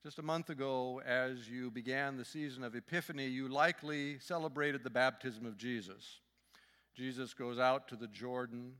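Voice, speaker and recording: A man preaching as a guest speaker, friendly and joking as he talks to the congregation. His voice is bright and forward, and a long reverb hangs in the church around him. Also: mid-range voice, smooth. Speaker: guest speaker, fundraising consultant. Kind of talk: sermon with humor. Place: church sanctuary.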